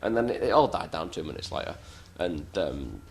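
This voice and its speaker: A man with a fairly low voice spins wrestling stories in a loose, casual way. He is blunt and swears freely, often poking fun at himself. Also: sing-song, a little fast, gravelly, a little mellow, slight background noise. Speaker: professional wrestler interviewee. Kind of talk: casual anecdotal storytelling.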